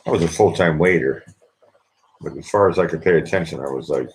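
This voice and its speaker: Low-voiced man rambling earnestly. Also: brisk, a little hiss or hum. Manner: rambling, repeats phrases, earnest. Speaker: vlogger. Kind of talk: casual personal monologue.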